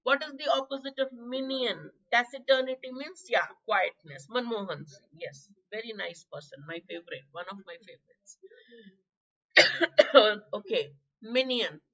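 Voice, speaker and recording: A hoarse woman with an Indian English accent teaching a live online vocabulary class, chatty, quizzing students by name and clearing her throat. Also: a little high, expressive, a little slow, sharp tone, muffled recording. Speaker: exam prep teacher.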